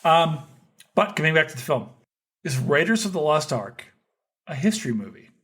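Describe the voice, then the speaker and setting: A man from Kentucky hosting a podcast, chatting casually over drinks in an excitable way, swearing freely and using lots of fillers. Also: a little high, normal speed, husky. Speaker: podcast host.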